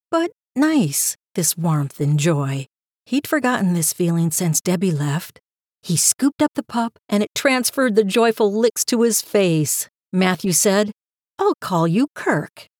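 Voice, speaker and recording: A woman reading a story aloud in a calm, even storytelling manner with a gentle lilt. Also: fairly low pitch, no room sound, clean studio sound. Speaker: narrator. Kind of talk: scripted story narration.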